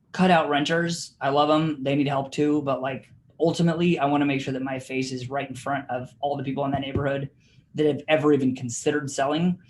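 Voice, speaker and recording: A man leading a real estate training class in a casual, chatty way, with lots of fillers and laughs as he tells stories, heard over a video call. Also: medium pitch. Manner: chatty and informal, many fillers, laughs while telling stories. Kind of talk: casual teaching of a training session.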